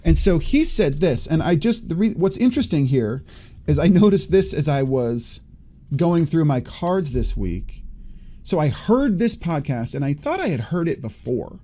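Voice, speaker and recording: A man's voice: on the high side, sing-song, normal speed, warm tone. A man in his forties hosting a solo podcast, thinking aloud in a rambling, self-correcting way. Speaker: podcast host. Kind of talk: reflective solo podcast talk.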